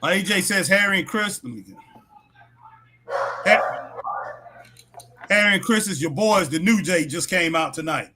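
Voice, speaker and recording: A man's voice: high voice, animated, a little slow, pauses often, background noise. A man co-hosting a wrestling live stream in casual chat, laughing and joking, breaking into bits of old songs. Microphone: home stream mic.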